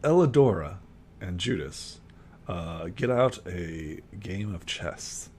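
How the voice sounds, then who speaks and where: A man's voice: deep voice, animated, takes it slowly, a little mellow, breathy edge. A man narrating a tabletop game as game master in casual talk, giggling and using lots of fillers.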